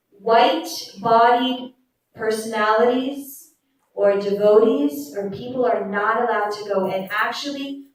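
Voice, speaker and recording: A young woman teaching a children's religious class in a temple hall, slow and patient, quizzing the kids as she goes. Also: a little high. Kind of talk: religious lesson with chanted verses. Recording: very echoey hall, mic far off.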